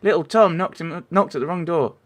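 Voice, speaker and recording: A man's voice: a little high, brisk, pitched above the performer's own voice, lightly acted. A man voicing a genteel young woman neighbor, prim and polite, dubbing a silent game cutscene. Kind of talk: amateur dub over a silent game cutscene.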